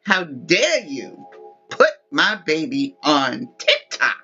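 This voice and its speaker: An outraged mother cat scolds her owner in a slow, deliberate way, played by a woman in her own voice. The tone is bright and a little forceful. The sound is dull and lo-fi, with faint music underneath. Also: low-pitched, sing-song, breathy edge, full character voice.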